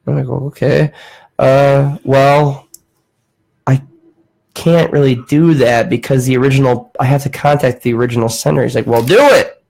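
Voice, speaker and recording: A man's voice: medium pitch, normal speed, gravelly, low-quality recording. Casual young man telling a work story. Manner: animated, acts out quoted voices, swears casually. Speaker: podcast host.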